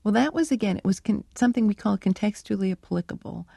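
A woman scientist answers interview questions in a reflective, storytelling way. Her voice is gravelly and mellow, and the recording is dry and close. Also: medium pitch, fast talker, dry recording. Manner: reflective, conversational, with fillers. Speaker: animal cognition researcher, guest.

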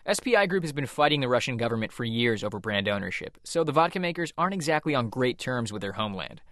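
A man reporting a scripted radio news piece in a measured, even delivery. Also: medium pitch, no echo.

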